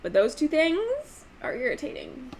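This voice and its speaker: A young woman chatting casually on camera, ranting in an exasperated, animated way with sudden jumps in pitch. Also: unhurried, a little hiss or hum. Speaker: book vlogger. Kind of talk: casual chat.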